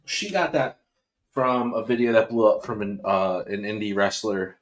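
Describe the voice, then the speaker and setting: A man's voice: on the low side, steady tone, normal speed, slight background noise. A man co-hosting a podcast, talking casually and a bit hesitantly. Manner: laid-back, hesitant with fillers. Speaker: podcast co-host. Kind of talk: casual chat.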